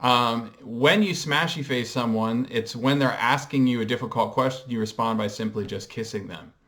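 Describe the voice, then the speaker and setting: A man's voice: mid-range voice, normal speed, a bit bright. A man vlogging casual commentary in a reflective, hesitant way, with frequent ums as he explains and coins terms. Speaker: pop culture vlogger.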